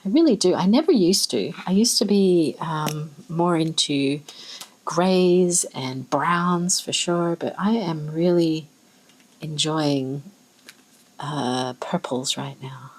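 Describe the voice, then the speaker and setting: Soft-spoken Australian woman with a husky voice. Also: low voice, slow, poor audio. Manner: soft, musing, thinking aloud, exclaiming over colors. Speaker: ink swatching vlogger. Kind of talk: casual chat while swatching.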